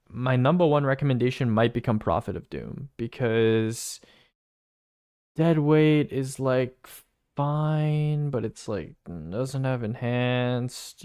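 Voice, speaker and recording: A man streaming a video game, chatting casually and thinking out loud as he rambles and repeats himself. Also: medium pitch, takes it slowly. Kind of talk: casual live-stream chat.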